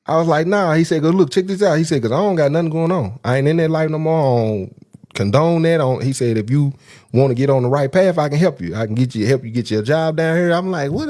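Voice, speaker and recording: Guy telling a story casually, doing the voices, laughing a lot, mid pitch. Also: fast. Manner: animated, acts out voices in quotes, laughs often. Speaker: guest telling his prison story.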